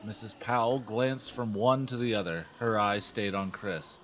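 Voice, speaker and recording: A man's voice: on the low side, moderate pace, a bit bright, slight background noise. A man co-hosting a podcast, reading a book aloud and joking between passages. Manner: joking, laughs often. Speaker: podcast host. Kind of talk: casual chat and reading aloud.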